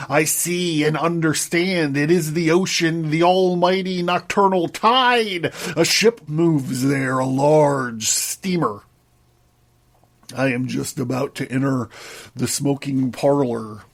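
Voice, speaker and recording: A man reading a book aloud on his podcast, acting out the quoted characters and then breaking off to comment casually. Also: medium pitch. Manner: voices the characters' quoted lines, breaks off to joke and laugh. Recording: equipment sound problems.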